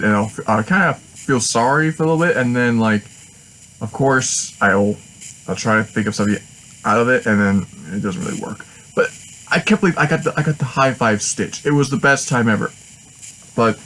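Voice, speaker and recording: A man telling a story in a casual vlog, rambling and excitable, often restarting his sentences. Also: mid-range voice, low-quality recording. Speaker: vlogger.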